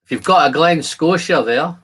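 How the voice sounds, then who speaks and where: A man's voice: on the high side, normal speed, a bit bright, breathy edge. A man hosting a casual whisky live stream, chatting to viewers, answering their comments and describing the whisky he tastes. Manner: describes whisky aromas while tasting. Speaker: whisky channel host.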